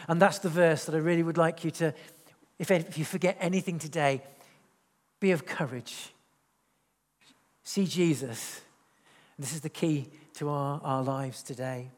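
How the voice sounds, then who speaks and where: A man's voice: on the high side, fairly even intonation. Earnest male preacher in an echoey hall. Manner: earnest, slows down to stress key words. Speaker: pastor. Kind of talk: sermon. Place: church hall.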